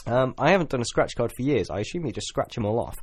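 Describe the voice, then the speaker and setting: A man's voice: mid-range voice, fast, slight background noise. A man hosting a casual local radio show, joking and laughing through the banter. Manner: jokey, laughing, lively banter.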